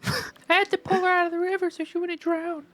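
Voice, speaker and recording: A man putting on a high falsetto voice to play a sweet young village woman, mock-sweet and playful. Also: level tone, brisk, a bit bright.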